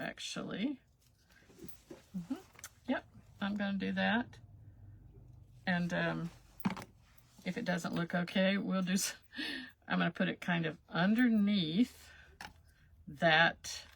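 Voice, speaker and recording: Slow, bright-voiced craft host. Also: female voice, fairly low pitch, vocal fry, slightly rough, dry recording. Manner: folksy, self-chuckling, talks while working. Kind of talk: chatty crafting livestream.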